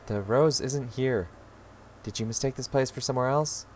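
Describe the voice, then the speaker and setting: A man's voice: mid-range voice, normal speed, darkish tone, slight background noise, lightly acted. A man voicing an irritated mother who scolds her daughter with growing exasperation. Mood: scolding. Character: irritated mother, sharp, losing patience. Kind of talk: reading a visual novel aloud.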